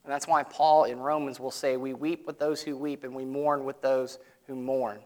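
A male pastor, preaching a sermon in a conversational way that swings from loud emphatic lines to soft, low asides. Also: little pitch movement, moderate pace.

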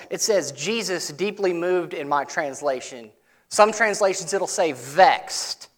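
A man delivers a sermon in a loose, conversational style. His voice sits a little high for a man. He leans hard into emphatic lines, then drops to soft, low asides. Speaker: pastor.

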